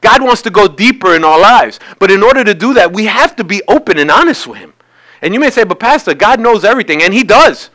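A man's voice: sits high, big pitch swings, fairly quick, pushed and bright, rough recording. A man preaching a sermon as pastor in a church, talking conversationally and acting out quoted voices.

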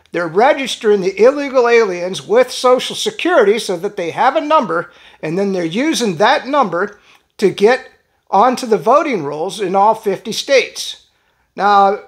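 A man hosting a political commentary channel, talking in a blunt, emphatic and alarmed way. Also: high voice. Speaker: channel host.

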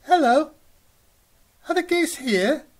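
A man voicing a small, eager baby gosling who politely calls out questions in a high, bright, loud voice. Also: lively intonation, takes it slowly, heavily acted. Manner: calling out cheerful questions.

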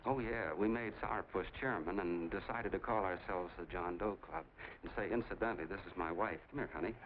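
Actor plays a folksy, rambling soda jerk, lowish voice, tinny old-movie sound. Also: male voice, a little fast, lightly acted. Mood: eager. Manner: chatty, rambling storyteller. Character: folksy small-town male soda jerk, friendly. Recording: tinny 1940s film soundtrack, faint hiss.

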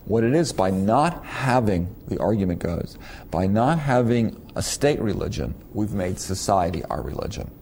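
A middle-aged man with a low voice lectures students in a loose, conversational way. He keeps firing rhetorical questions and often repeats words as he goes. A faint noise sits behind him. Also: big pitch swings, moderate pace, creaky, a little mellow. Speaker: university lecturer.

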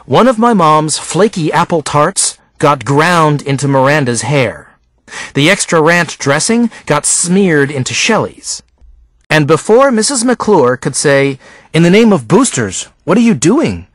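Slow, lively-pitched male audiobook narrator. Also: no room sound. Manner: acts out each character's lines with raised pitch.

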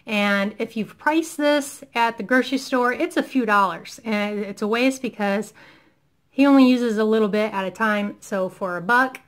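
A woman in her thirties who is a parent gushes enthusiastically through a shopping haul in a casual vlog. Her voice sits on the high side at a normal speed, and she's losing it a little, clearing her throat along the way.

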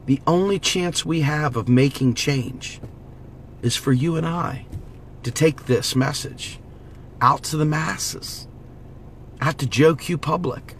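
A man's voice: fairly high pitch, slow, pauses often, a little hiss or hum. A man giving an impassioned direct-to-camera monologue, preachy and urgent, repeating slogans as he rallies his viewers. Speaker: political vlogger.

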